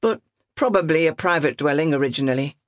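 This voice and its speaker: A woman narrator voicing a brisk, offhand male estate agent in an audiobook. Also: low voice, animated, dry recording, clean studio sound. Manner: brisk and breezy. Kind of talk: audiobook character reading.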